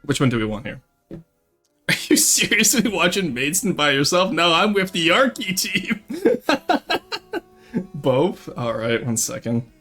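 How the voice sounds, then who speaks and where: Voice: medium pitch, sing-song, measured pace, long pauses, sharp tone, faint music behind. A VTuber streamer chatting casually with viewers at home, teasing and laughing often. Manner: joking and teasing, laughs often, talks straight to chat. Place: home, second-floor room.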